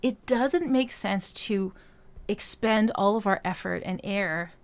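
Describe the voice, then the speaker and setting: A woman's voice: mid-range voice, slow. A woman vocal coach teaching a singing lesson, explaining phrases note by note in a conversational way. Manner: explains step by step, breaking phrases into notes; conversational, frequent "right?" and "um".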